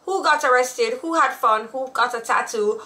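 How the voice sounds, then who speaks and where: Bright, chatty woman. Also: high-pitched, normal speed. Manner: chatty, laughing storyteller. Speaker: podcast co-host. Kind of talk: casual chat.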